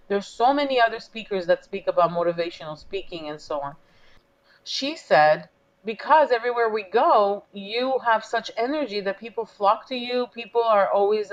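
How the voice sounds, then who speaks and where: A woman's voice: medium pitch, dull audio. A woman business coach, a guest in an interview, telling a personal story with feeling and acting out the dialogue she quotes.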